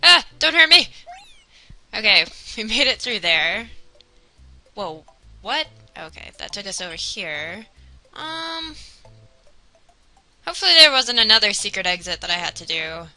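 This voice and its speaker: Young woman chatting thru a game, super bright voice, gets excited and yells at the game, faint music behind. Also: mid-range voice, unhurried, pauses often, low-quality recording. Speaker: let's player. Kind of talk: casual gameplay commentary.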